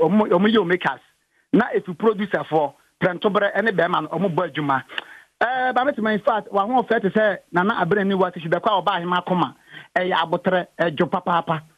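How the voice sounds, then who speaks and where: A man calling in to a radio show, sending greetings and praise in an excitable way. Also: high voice, dry recording, dull audio. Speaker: caller.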